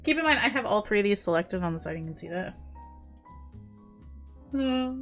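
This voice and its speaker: A woman talks through a casual software tutorial at her desk mic, chatty and self-deprecating, full of fillers and playful mouth noises. Her pitch sits in a middle range for a woman. Faint music plays behind her. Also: sing-song, racing. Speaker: tutorial creator. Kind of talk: casual screen-recorded tutorial.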